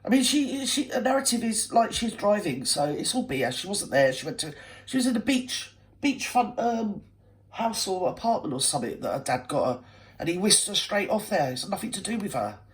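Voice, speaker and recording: A woman's voice: mid-range voice, sing-song, brisk. A woman hosting a reaction video, scolding and sarcastic in blunt ranting commentary. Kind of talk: ranting commentary over a clip.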